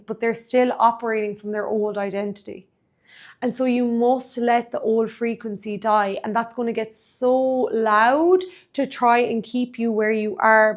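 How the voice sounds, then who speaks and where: A woman podcast host and coach speaking in an emphatic motivational monologue, repeating phrases for rhythm. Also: on the high side.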